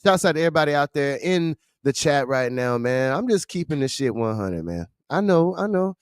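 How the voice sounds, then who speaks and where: High-voiced man ranting on a livestream. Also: very animated, a little fast, clear, resonant tone, no room sound, studio quality. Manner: blunt, profane, ranting. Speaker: livestream host. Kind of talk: casual commentary stream.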